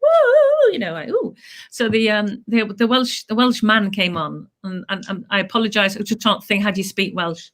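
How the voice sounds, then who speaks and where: A woman's voice: medium pitch, steady tone, normal speed, few pauses, a bit bright. A woman guest in a casual chat, telling rambling anecdotes with restarts and acted-out quotes.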